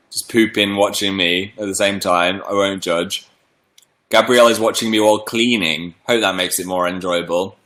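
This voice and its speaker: A young man rambles playfully through a casual livestream, reading out viewer messages. His voice is low-pitched yet bright and forceful, and he sounds a little under the weather from a cold. The room around him is echoey. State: slight cold with a cough.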